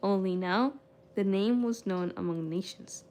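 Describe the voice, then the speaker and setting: A woman's voice: mid-range voice, unhurried, mellow. Young woman reading aloud and chatting on stream. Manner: reads with frequent stumbles and restarts, then chats loosely with many "like"s. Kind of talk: casual book reading and live-stream chat.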